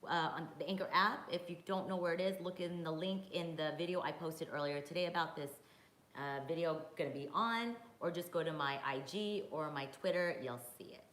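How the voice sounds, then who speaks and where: A woman's voice: sits low, moderate pace, fairly bright tone. A woman hosting a casual live-stream Q&A, chatting with viewers and reading their comments aloud with plenty of fillers. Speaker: boxing podcast host. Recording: echoey room with faint noise.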